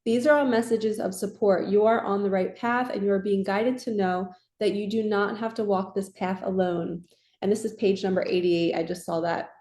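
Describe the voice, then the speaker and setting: Card reader, female, soft and reassuring, mellow tone, echoey room. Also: mid-range voice, steady tone, normal speed. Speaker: tarot and oracle card reader. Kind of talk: casual spiritual card reading.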